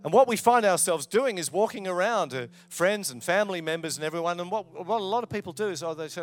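A man, a pastor preaching a sermon, with loud emphatic lines and quiet asides. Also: high-pitched, expressive, fast, hardly any pauses. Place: church.

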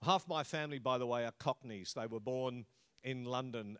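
A man's voice: mid-range voice, moderate pace, a bit bright, clean tone. A middle-aged man pastor giving a sermon in a conversational, humorous preaching manner.

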